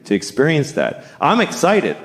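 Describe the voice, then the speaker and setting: Middle-aged male stand-up comic, deadpan, crude delivery that swings to shouting, lively pitch, on a stage mic. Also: moderate pace. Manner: deadpan, profane, building to shouted rants. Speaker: stand-up comedian. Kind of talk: stand-up comedy set. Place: comedy stage before a live audience.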